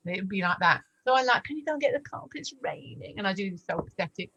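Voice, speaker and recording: A woman in her forties telling her faith testimony in a lively, animated way, acting out the voices in her story. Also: fast, few pauses, a little hiss or hum, poor audio. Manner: animated storyteller, acts out dialogue with big pitch jumps. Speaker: guest sharing testimony. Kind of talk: storytelling testimony in a casual chat.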